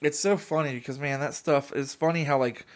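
A young man in casual podcast chat, telling a funny story with lots of laughter and quick mimicry of other people. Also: on the high side, fairly even intonation.

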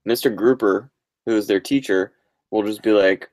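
A man's voice: lowish voice, steady tone, a little fast, dry recording. A man co-hosting a podcast in casual chat, joking, swearing and laughing a lot. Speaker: podcast co-host.

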